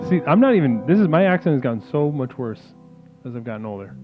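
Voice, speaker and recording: A call-in show host runs an improvised comedy stream, rambling, swearing, and often restarting his sentences. His medium-pitched voice is very animated and fast, and the sound is tinny and phone-like with music behind him.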